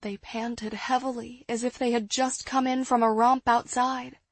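A woman narrating an audiobook in the first person, in a measured, hushed storytelling manner. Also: fairly high pitch, flat delivery, no room sound.

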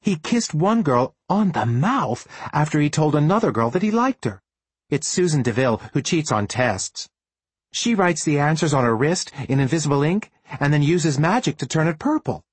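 A man's voice: on the high side, big pitch swings, normal speed, breathy edge, no echo, voice pushed up. A man narrating a storybook raises his voice to play a chatty young girl who gossips eagerly.

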